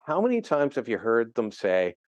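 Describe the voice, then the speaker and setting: A middle-aged man from Canada talks through the news in a lively, conversational way. His pitch rises and falls a lot, and he slips into quick impressions of the people he quotes. It sounds like a relaxed interview segment. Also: no room sound, lo-fi sound. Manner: animated, conversational, mimics quoted voices. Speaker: political contributor.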